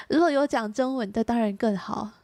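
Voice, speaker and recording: A high-voiced, giggly woman streamer from Taiwan whose first language is Mandarin Chinese. She chats in an unhurried way. When she switches to English she takes it slowly and carefully, and the sound is dry and close. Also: no echo. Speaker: streamer host. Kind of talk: casual live-stream chat.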